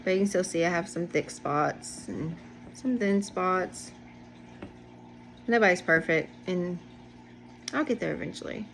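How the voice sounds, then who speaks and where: A woman's voice: fairly low pitch, unhurried, long pauses, a bit bright, a little hiss or hum. Chatty woman showing off her yarn. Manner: chatty, rambling, self-deprecating. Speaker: knitting podcast host. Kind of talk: casual show-and-tell chat. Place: home, indoors.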